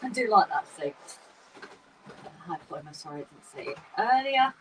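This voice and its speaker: A woman's voice: medium pitch, moderate pace. Chatty woman livestreaming from a shed. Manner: chatty, excitable, laughs often. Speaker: livestream co-host. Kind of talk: casual chat on a livestream. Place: garden shed with model railway. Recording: slightly distant mic with faint room noise.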